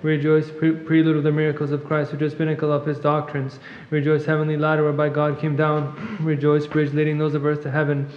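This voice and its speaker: Fast monotone man chanting. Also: fairly high pitch, a little hiss or hum. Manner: fast monotone recitation, clears throat at times. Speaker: reader at a monastery service. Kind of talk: rapid liturgical chant reading. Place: church. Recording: echoey church, long reverb, muffled.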